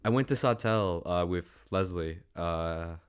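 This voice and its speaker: A man's voice: sits low, unhurried, clean tone. A man hosting a casual podcast, joking around and stammering through a cough while sick. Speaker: podcast host.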